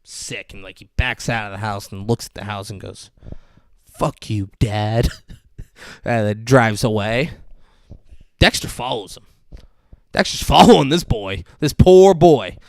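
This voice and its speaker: A man co-hosting a podcast, casually recapping a TV episode with animated, profane retellings and frequent laughs. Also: on the low side, unhurried, gravelly, long pauses, no echo, studio quality. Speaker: podcast co-host.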